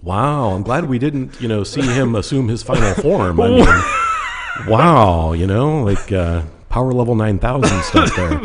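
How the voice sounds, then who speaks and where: A man's voice: medium pitch, animated, normal speed, few pauses, background noise. A man co-hosting a podcast in casual chat, laid-back and giving short agreeing replies. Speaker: podcast co-host.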